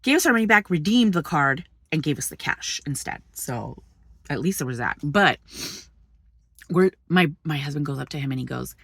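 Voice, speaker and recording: A young woman vlogger casually retelling an argument from the passenger seat of a parked truck, animated and indignant, swearing freely. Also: deep voice, moderate pace, vocal fry, slightly rough, dry recording. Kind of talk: casual storytelling vlog.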